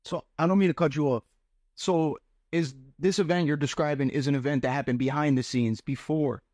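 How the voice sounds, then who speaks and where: A man's voice: a little high, fairly even intonation, brisk, darkish tone, no echo, clean studio sound. A man hosting a casual interview in a laid-back way, asking clarifying questions and offering short affirmations. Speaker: interview host. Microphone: studio microphone.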